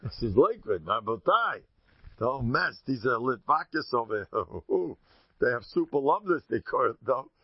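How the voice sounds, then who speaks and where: A man with a rough, gravelly voice leads a Torah lecture as a rabbi, telling stories and leaping into high, squeaky asides before dropping to low mutters. The recording is dry and close, with a dull, lo-fi tone. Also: very animated, normal speed, no room sound. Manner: jokey, acts out quotes with sudden high squeaks and mutters. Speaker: rabbi giving a Torah class. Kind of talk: animated Torah lecture with storytelling.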